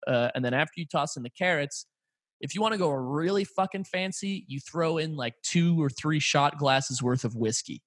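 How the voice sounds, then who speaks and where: A man's voice: on the high side, moderate pace, a bit bright, no echo. An American man co-hosting a podcast in an office, talking loosely and profanely, explaining things with relish and laughing easily. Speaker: podcast co-host. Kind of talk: casual chat. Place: office room with a large archway.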